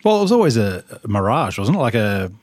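A man thinking out loud in a casual chat, his voice rising and falling with lively pitch. He often hedges and trails off mid-thought. The recording is close and dry. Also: fast, no echo. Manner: musing, unsure, trails off. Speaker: podcast guest.

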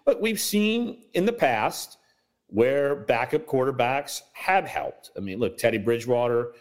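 A man's voice: mid-range voice, expressive, a little slow. A man who writes about sports, a guest on a podcast, breaking down football in casual chat with many hedges and restarts. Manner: hedging, many fillers and restarts.

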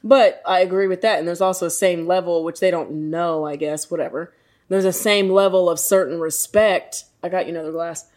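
A woman's voice: lowish voice, steady tone, fairly quick, darkish tone. A woman talking frankly and laughing easily in a casual chat among friends.

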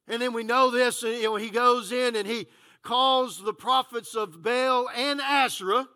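A man's voice: extremely high pitch, moderate pace, pushed and bright. A man preaching a conversational sermon as pastor, full of "uh, you know" fillers.

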